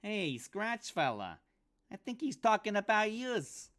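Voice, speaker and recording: A man putting on a pinched nasal rat henchman, small and sly, squeaky high, lively sing-song. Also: slow pace, smooth, full character voice. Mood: sly menace. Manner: cocky, threatening, street slang.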